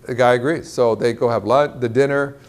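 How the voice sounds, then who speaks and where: A man preaching to a large church crowd, telling a story with lively acted-out quotes and a lot of pitch jumps. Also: a little fast. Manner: animated storyteller, acts out quotes in a higher voice. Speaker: guest speaker. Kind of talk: sermon storytelling. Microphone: clip-on mic.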